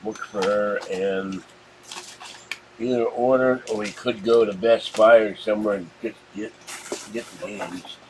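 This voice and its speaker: A Pittsburgh man hosts a laid-back unboxing vlog, rambling and wandering as he talks to the camera. His lowish voice is fairly even and unhurried, with noise in the background.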